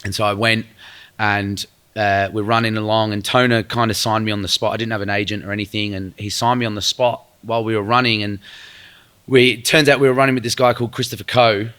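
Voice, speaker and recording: A young man, chatting loosely on a podcast. His voice sits low but has a bright, forceful edge. He rambles through a story with plenty of fillers and casual swearing. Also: level tone, fast, clear, resonant tone. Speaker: guest musician.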